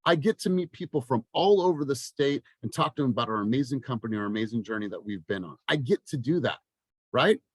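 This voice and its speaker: A man in his thirties gives a fired-up talk to his sales team, blunt and peppered with swearing, his voice climbing toward a shout. It sounds close and dry, with no room around it, as on a video call. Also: mid-range voice, animated, fast talker, breathy edge, no echo. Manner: passionate, swears, rising to near-shouting. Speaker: sales coach. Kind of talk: motivational team meeting talk.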